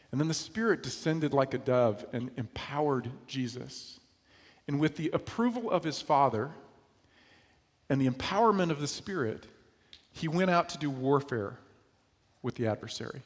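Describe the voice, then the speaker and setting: Speaking with expression at a moderate pace, this New York pastor preaches conversationally and keeps asking his congregation rhetorical questions. His mid-range voice carries a big-room sound.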